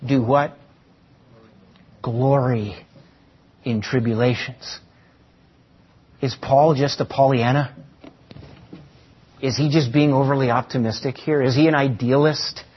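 Speaking in a husky mid-range voice, a pastor addresses his congregation in church, posing rhetorical questions and repeating key phrases to drive them home. It's captured with dull, lo-fi sound.

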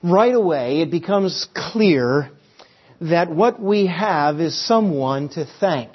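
A man's voice: on the high side, expressive, takes it slowly, slightly rough. A man preaching a sermon, storytelling with varied emphasis. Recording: slightly dull recording.

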